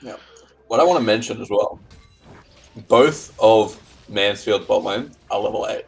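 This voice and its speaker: Husky co-caster, calm. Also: male voice, lowish voice, measured pace, low-quality recording. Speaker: esports co-caster. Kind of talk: live game commentary.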